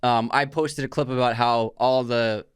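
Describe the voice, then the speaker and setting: A young man co-hosting a casual film podcast at a middle pitch. He laughs a lot and talks loosely, trailing off and restarting. The recording is close and dry. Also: fairly even intonation, normal speed, clean tone, dry recording. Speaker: podcast co-host.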